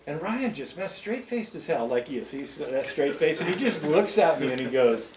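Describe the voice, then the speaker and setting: A man's voice: on the high side, very animated, moderate pace, few pauses, a crowd in the background. Guy giving a storytelling pep talk to store staff, keeps asking right?, big echoey room, kinda far off mic. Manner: chatty, keeps checking in with listeners. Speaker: company manager speaking to new store staff. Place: large music store indoors.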